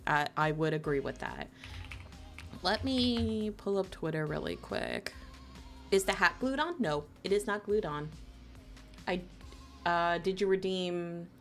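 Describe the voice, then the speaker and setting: A woman from New Jersey chatting casually with viewers on a live stream, playful and teasing, laughing often and swooping high in pitch when excited. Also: unhurried, long pauses, soft background music.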